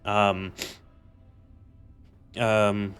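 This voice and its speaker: A man's voice: lowish voice, flat delivery, drawn-out words, a bit bright, clean tone, soft background music. Exasperated, sweary male streamer. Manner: exasperated, sweary, lots of fillers. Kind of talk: casual gameplay commentary and rant.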